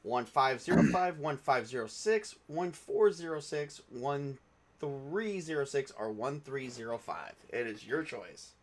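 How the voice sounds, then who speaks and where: A man's voice: mid-range voice, lively intonation, a little slow, slight background noise. A man running a tabletop game as game master, casual and a bit profane. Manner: casual, profane, laughs easily.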